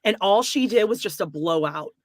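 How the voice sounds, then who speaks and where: A woman's voice: medium pitch, lively intonation, moderate pace, no echo, clean studio sound. A woman co-hosting a podcast, chatting casually and giving frank, wry commentary. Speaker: podcast co-host. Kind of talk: casual gossip chat.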